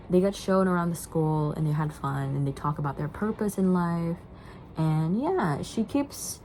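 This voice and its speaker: A woman's voice: fairly low pitch, darkish tone, a little hiss or hum, rough recording. Chatty young woman recapping a movie. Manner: chatty, rambling with many fillers. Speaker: vlogger.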